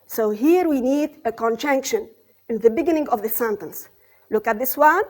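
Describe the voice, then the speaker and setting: A woman teaching an English grammar and vocabulary lesson on the radio, repeating key words and checking understanding with quick questions. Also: on the high side, expressive, a little mellow. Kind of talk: radio lesson for exam students. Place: radio studio.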